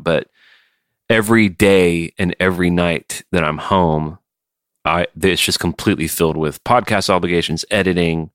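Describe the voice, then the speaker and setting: A man's voice: low voice, a bit bright, clear, resonant tone, dry recording, clean studio sound. A man co-hosting a podcast in casual chat, telling wry stories with some swearing. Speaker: podcast co-host, touring musician.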